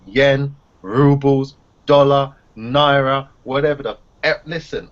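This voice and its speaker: A man's voice: medium pitch, fairly even intonation, slow pace. A man on an online group discussion, talking in an emphatic, repetitive, swaggering way. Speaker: round table panelist. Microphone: video call. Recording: slightly muffled online call audio.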